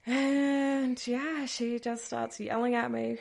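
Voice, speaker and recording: A woman's voice: fairly high pitch, fairly even intonation, slow, vocal fry. A woman hosting a podcast, telling a personal story in a casual, chatty way, breaking into nervous laughs and trailing off with dismissive asides. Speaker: podcast host.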